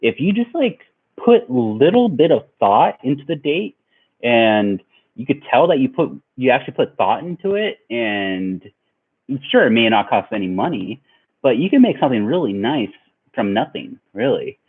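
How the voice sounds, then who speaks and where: A man's voice: medium pitch, very animated, normal speed, husky. A young man telling a long story to his viewers in a rambling, laid-back way, full of fillers. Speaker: vlogger. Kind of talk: casual storytelling. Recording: tinny phone-like sound.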